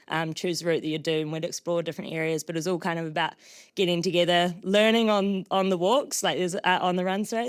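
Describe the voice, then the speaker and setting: A woman's voice: on the low side, clean tone. A young woman with a New Zealand accent, a trail runner being interviewed at a live show, bubbly and self-deprecating.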